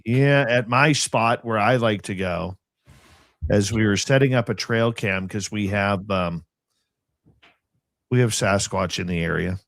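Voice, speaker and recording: A man's voice: fairly low pitch, a little slow, creaky, pauses often, no room sound. Radio host man with a dry sound. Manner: animated storyteller, relishes creepy experiences. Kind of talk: casual conversation, telling anecdotes.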